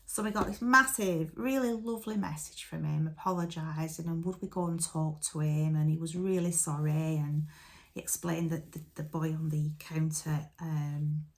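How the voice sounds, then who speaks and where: A woman's voice: low voice, fairly even intonation, moderate pace. A woman chatting to camera at home, telling a story in a casual way and acting out the conversations. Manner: chatty, retells conversations with quoted dialogue. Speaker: vlogger.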